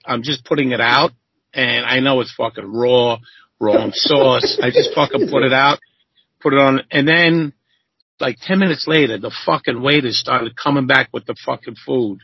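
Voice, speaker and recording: Husky, profane man telling stories. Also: no room sound, lo-fi sound. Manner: profane, animated, acts out quotes in a high voice. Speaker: interview guest, former chef. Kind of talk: casual storytelling.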